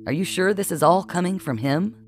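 A man voicing a blunt, sarcastic, scolding middle-aged woman in an audiobook, forceful and bossy. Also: high voice, a little fast, voice pushed up, natural voice. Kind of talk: audiobook character voice.

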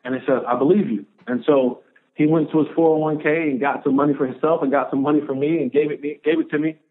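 A man telling a personal story in an interview, animated and acting out the dialogue he quotes. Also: fairly high pitch, fast. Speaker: podcast guest, former pro football player. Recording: narrow phone-like audio.

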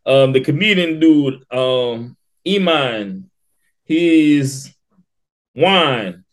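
A man's voice: mid-range voice, expressive, very slow. A man co-hosting a casual podcast in a laid-back way, who sometimes hesitates and stumbles over names. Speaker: podcast co-host.

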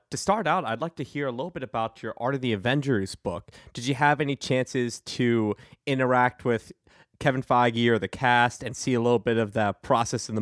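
A man interviewing an author, asking polite, measured questions. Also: mid-range voice, no room sound, clean studio sound.

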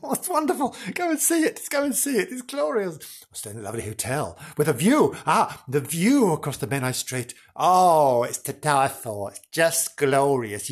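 A man hosts a comic podcast, gushing and giggling as he chats. His husky voice leaps around with lively pitch, climbing high whenever he gets excited. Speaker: podcast host. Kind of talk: casual comic podcast chat.

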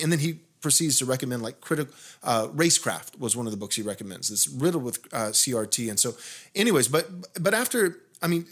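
A man, a pastor hosting a podcast, telling a long story in casual conversation, growing more heated with frequent restarts. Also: a little high. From United States. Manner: animated, rising intensity when indignant, frequent restarts.

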